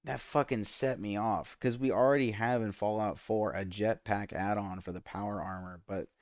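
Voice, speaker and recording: Deep-voiced man ranting profanely. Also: fairly even intonation, normal speed, no echo, muffled recording. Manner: profane, exasperated ranting that spikes loud and high. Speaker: gaming streamer. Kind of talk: ranting commentary while gaming.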